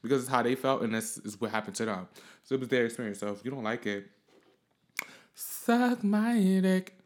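A man's voice: lowish voice, steady tone, rapid-fire. Profane, rambling young man podcaster. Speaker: podcast host. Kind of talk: casual solo storytelling.

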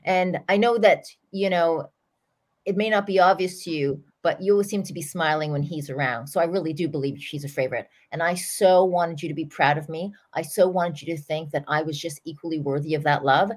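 A woman's voice: low-pitched, brisk. A woman voicing an upset young boy pouring out his feelings to his father in an earnest rush. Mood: pleading. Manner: earnest, tumbling confession.

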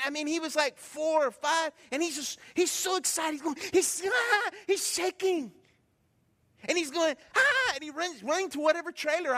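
A middle-aged male pastor preaching a sermon, telling stories with animated swings between loud and hushed delivery. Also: very high-pitched. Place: church sanctuary. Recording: long hall reverb.

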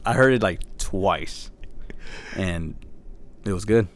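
A man's voice: sits low, slow pace. A young man co-hosting a podcast in casual banter, laid-back, swearing freely and laughing often. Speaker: podcast co-host.

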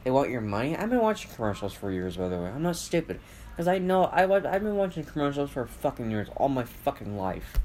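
A man's voice: medium pitch, sing-song, quick pace, hardly any pauses, darkish tone. A man hosting a solo podcast from home, rambling and swearing through a casual rant full of fillers and restarts. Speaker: podcast host. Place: at home with family around. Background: faint household noise, dogs and TV.

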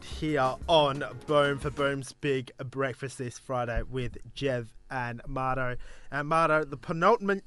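A man's voice: mid-range voice, measured pace, fairly bright tone, clean tone, soft background music. A man with an Australian accent hosting a breakfast radio show in upbeat, casual banter.

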